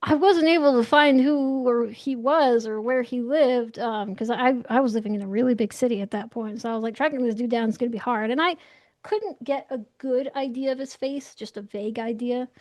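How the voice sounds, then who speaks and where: A woman's voice: fairly high pitch, fairly quick, a little mellow, no echo. A young woman telling stories casually as an interview guest, chatty with lots of "like" and frequent laughs. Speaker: interview guest, astral projector. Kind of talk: casual storytelling chat.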